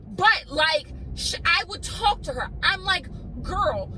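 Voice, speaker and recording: A woman's voice: very high voice, expressive, a little slow, pushed and bright, slight background noise, low-quality recording. A woman in her twenties telling a personal story in a vlog, rambling and emotional with lots of fillers. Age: 20s.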